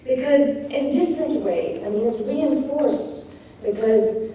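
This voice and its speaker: A woman giving a poetry craft talk to an audience, slow and deliberate, stressing words one at a time. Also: sits high, lively intonation, warm tone. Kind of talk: lecture to workshop audience. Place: lecture room at a poetry festival. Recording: echoey room, mic far off, faint noise.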